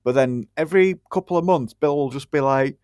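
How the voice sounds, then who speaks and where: A man's voice: on the high side, brisk, darkish tone, smooth, no room sound, clean studio sound. A British man co-hosting a casual podcast chat, ranting bluntly and swearing freely.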